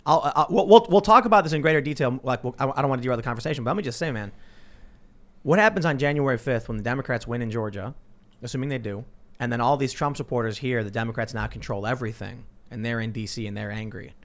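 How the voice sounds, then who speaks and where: A man hosting a political talk show, telling stories in an animated, self-interrupting way. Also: medium pitch, fast talker. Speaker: podcast host.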